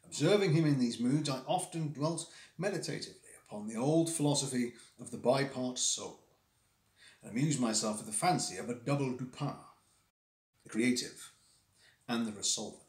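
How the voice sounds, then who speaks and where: A man streaming live, reading a classic story aloud with expressive delivery and the odd stumble over hard words. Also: medium pitch, normal speed. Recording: roomy echo.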